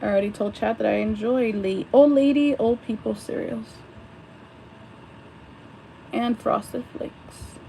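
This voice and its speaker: A young woman talks slowly and loosely to her chat while she does her makeup at a vanity. She rambles and swears now and then. A faint air-conditioner hum runs underneath. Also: medium pitch, flat delivery, gravelly, a little mellow, rough recording. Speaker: livestreamer. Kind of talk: casual livestream chat while doing makeup. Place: home, at a vanity mirror.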